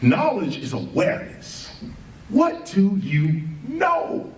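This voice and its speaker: A high-voiced man speaks at a slow pace during an impassioned lecture on a live stream. He's animated, firing off rhetorical questions, spelling words out letter by letter, and frequently laughing mid-sentence. The voice is distant and set back from the mic in an echoey room.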